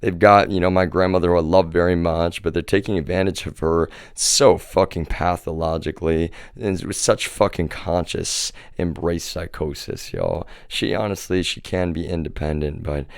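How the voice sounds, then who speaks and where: Deep-voiced man ranting on a livestream. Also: steady tone, normal speed, few pauses, smooth, dry recording, clean studio sound. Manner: profane, repeatedly says "y'all". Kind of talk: ranting monologue to viewers. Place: home residence.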